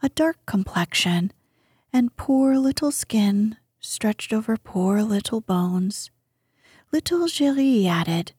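A woman narrating a bedtime sleep story in a soothing, hushed voice that often drops to a whisper, close to the mic. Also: on the high side, lively intonation, slow pace, husky, no room sound.

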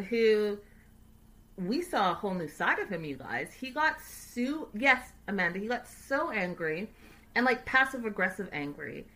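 A woman hosting a casual livestream recap, chatty, animated and sassy. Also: mid-range voice, a little slow. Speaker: host.

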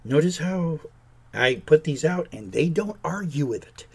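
Indignant male podcaster, raspy and gravelly, mocking politicians. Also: a little high, animated, a little slow, a little mellow. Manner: indignant, sarcastic, mocks politicians in put-on voices. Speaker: podcast host. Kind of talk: opinionated political rant.

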